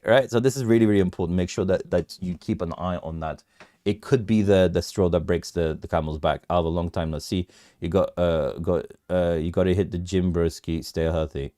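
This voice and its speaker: A man's voice: deep voice, moderate pace, dry recording, studio quality. A man hosting a casual crypto livestream, bantering with his viewers, laughing often and restarting his sentences.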